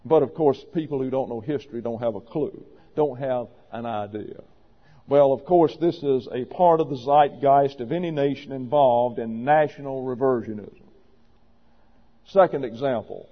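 A man's voice: mid-range voice, normal speed. A man preaching a sermon to a congregation, emphatic and wry, with sarcastic asides. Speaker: pastor. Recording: dull audio with long reverb.

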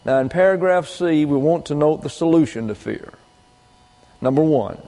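Male pastor, higher-pitched voice, emphatic repetitive sermon delivery, long church-hall reverb. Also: lively intonation, moderate pace, warm tone. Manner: emphatic, repetitive teaching with folksy trail imagery. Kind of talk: doctrinal sermon.

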